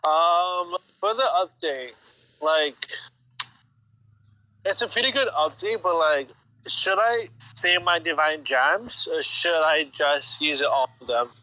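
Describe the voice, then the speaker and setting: A man's voice: on the high side, animated, takes it slowly, sharp tone, no room sound, highs cut off. A man chatting casually as a stream co-host on a voice call, laid-back and asking questions.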